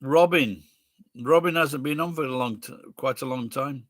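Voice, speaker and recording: A man's voice: mid-range voice, moderate pace, dry recording, studio quality. A man in his sixties with a Sheffield accent, hosting a livestream in casual chat, bluntly answering viewers' questions and swearing freely. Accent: Sheffield English. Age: 60s. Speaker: livestream host reading viewer comments.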